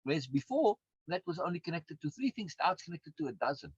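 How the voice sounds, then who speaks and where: A man's voice: a little high, big pitch swings, quick pace, breathy edge, no echo. A man, a course instructor and coach, giving a recorded lecture in an emphatic way, repeating words and often adding tag questions. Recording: dull, dry lo-fi sound.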